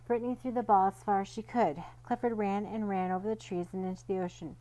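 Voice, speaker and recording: Reading a children's picture book slightly fast with few pauses, a woman speaks at a middle pitch in a gentle, storytelling manner. She voices each character lightly and distinctly, and the recording is rough.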